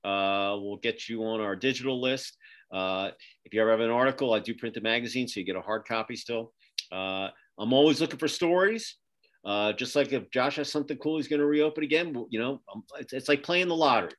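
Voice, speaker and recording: A middle-aged man with a mid-range voice speaks fairly quickly as he signs off a casual interview on his podcast. He's a podcast host and magazine publisher recording from his home office over a video call, and he rambles with plenty of fillers and restarts.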